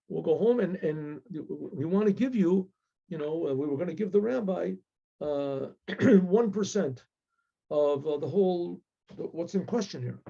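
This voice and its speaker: A man, a rabbi, telling a story with animated delivery, acting out the voices of the characters. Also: a little high, measured pace, gravelly, slightly rough, highs cut off.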